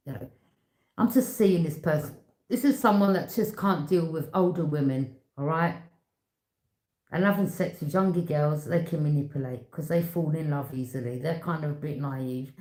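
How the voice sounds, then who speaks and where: A woman reads tarot cards in a casual, blunt way, stressing her words and repeating herself as she speaks straight to the viewer. Her voice sits fairly low. The room gives back a clear echo. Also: dark tone. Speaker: tarot reader. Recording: echoey room.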